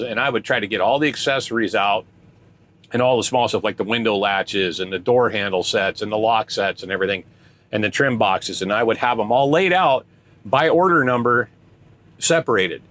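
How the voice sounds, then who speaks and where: A man's voice: fairly low pitch, fairly bright tone. An older man, a truck driver, telling a story in casual chat, rambling and chatty with restarts.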